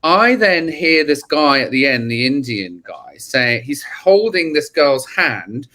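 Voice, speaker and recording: A man with children tells a story as a podcast guest, his voice sitting a touch high and swinging widely in pitch. He talks casually, swears freely and acts out what people said. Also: takes it slowly. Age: adult, has children. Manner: animated, swearing, acts out quotes.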